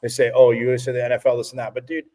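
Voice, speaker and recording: Male sports talk co-host, mid-range voice, rambling, animated storyteller. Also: mid-range voice, rapid-fire. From from Phoenix area.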